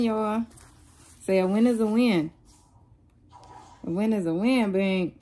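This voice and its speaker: Chatty young mom vlogging at home. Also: female voice, medium pitch, mellow. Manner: chatty, addresses viewers as y'all constantly. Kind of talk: casual home vlog talking to camera. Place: home kitchen and living room.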